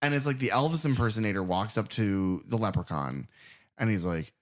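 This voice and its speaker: Podcast co-host, man, very lively pitch, profane and animated. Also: a little fast. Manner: animated, swears freely, acts out characters' lines. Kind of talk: casual movie-review chat.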